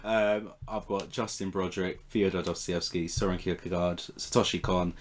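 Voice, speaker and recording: A man co-hosting a casual podcast chat, laughing easily and throwing in quick quips. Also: low voice, steady tone, slight background noise. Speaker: podcast co-host.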